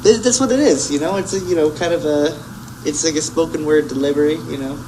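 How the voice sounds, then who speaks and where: A young man, a musician guest, telling a story in casual chat, rambling with many fillers and quick laughs. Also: fairly high pitch, background noise. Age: young adult.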